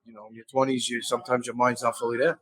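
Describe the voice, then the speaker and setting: Fast-talking male co-host. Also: medium pitch, little pitch movement, a bit bright, no echo. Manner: quick, skeptical interjections. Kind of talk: conversational questions.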